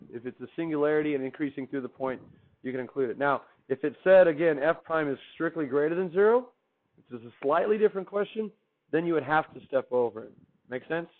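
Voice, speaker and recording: A man teaching a math class, chatty and upbeat, putting questions to the class and answering them himself. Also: fairly high pitch. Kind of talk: classroom lecture. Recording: tinny, phone-like recording.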